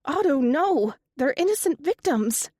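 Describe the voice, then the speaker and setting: A woman's voice: fairly high pitch, animated, measured pace, a little mellow, no room sound, clean studio sound, pitched above the performer's own voice. A woman voicing a caring young woman who speaks urgently and emotionally in an audiobook.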